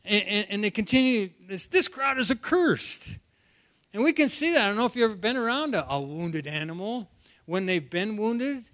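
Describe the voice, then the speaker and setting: Brisk and expressive, this man's high, slightly bright voice carries an expository sermon. He preaches from the Bible animatedly, often repeating words as he begins a phrase again.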